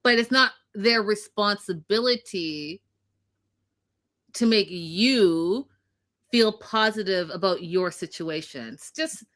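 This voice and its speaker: A woman co-host talks through a casual recap in a blunt, emphatic way and curses freely. Her voice is bright and cutting, in a mid register. She sounds like she is on a video call. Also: medium pitch, slow. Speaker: podcast co-host.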